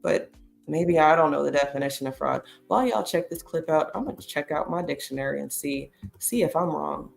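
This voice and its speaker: A woman commentator speaking in a fairly low voice, blunt and emphatic, swearing freely as she makes her points. Faint music plays under her. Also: fairly quick, gravelly. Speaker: commentary host. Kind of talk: casual commentary.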